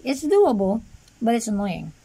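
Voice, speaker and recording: A woman's voice: on the high side, very animated, measured pace, dark tone, breathy edge, low-quality recording. A woman casually reviewing an action figure on camera, rambling with lots of fillers and dry sarcastic asides. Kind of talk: casual unscripted toy review.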